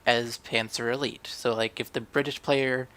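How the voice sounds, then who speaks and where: A man's voice: medium pitch, steady tone, normal speed, bright, forceful tone. A young man casually narrating a strategy game match he recorded, rambling and questioning his own moves as he goes. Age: young adult. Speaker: gaming channel host. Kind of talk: gameplay commentary.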